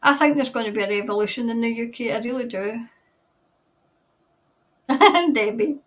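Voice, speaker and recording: A woman's voice: fairly high pitch, moderate pace, a bit bright, far from the mic. A Scottish woman hosting a casual live stream as a tarot reader, chatting loosely, laughing often and greeting viewers by name. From Scotland.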